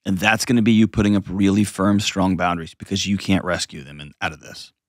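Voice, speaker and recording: A man's voice: low-pitched, steady tone, fast talker, no room sound, clean studio sound. A man hosting a call-in advice show, blunt and emphatic, repeating phrases for weight. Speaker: host giving advice to a caller.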